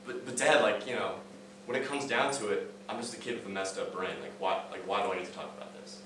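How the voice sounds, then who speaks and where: A man's voice: fairly low pitch, steady tone, quick pace, noisy background. A young man, a student, giving a casual, story-driven talk on stage with many fillers and restarts. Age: young adult. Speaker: student speaker. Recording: echoey hall, mic at a distance.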